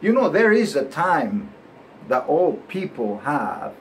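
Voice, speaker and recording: A man with a bilingual Spanish-English accent delivers a motivational talk with a lively, sweeping pitch and a slow, unhurried pace. He preaches and keeps checking in with "right?", and his words are spread out with long pauses. A faint noise hums behind him. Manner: animated, preachy, laughs often, asks "right?". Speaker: show host.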